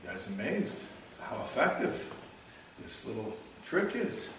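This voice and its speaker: This man's voice sits in the mid range and swings widely in pitch as he speaks unhurriedly. Perhaps a rabbi, he starts a casual Torah class about Jewish practice with a joke, teaching conversationally. Noise lingers in the background, and the recording has an echoey hall sound, faint ambience and a far-off microphone.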